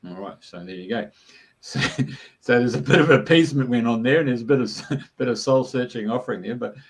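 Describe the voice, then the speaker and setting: A man's voice: medium pitch, brisk, husky, poor audio. A man, a guest in an interview, tells long rambling stories in a casual, chatty way, with lots of ums and uhs. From Australia. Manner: rambling and chatty, with many fillers. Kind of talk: casual storytelling.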